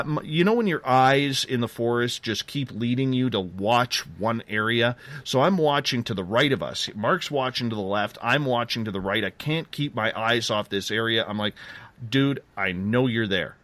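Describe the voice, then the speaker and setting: A middle-aged man, a guest on a radio interview, telling a field story excitedly, jumping ahead and restarting his sentences. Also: medium pitch, no echo.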